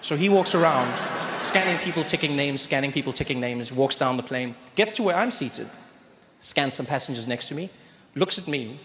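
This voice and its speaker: A man doing animated stand-up storytelling on a handheld mic in a large venue. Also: mid-range voice, normal speed. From South Africa. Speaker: stand-up comedian. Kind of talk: stand-up comedy. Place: large live comedy venue. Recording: roomy live venue with audience noise.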